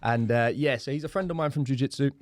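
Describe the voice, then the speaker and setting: A man's voice: mid-range voice, quick pace, crowd noise. A young man with a London accent hosting a podcast in casual, blunt chat that is full of swearing. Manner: blunt, swears freely, loose and chatty. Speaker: podcast host.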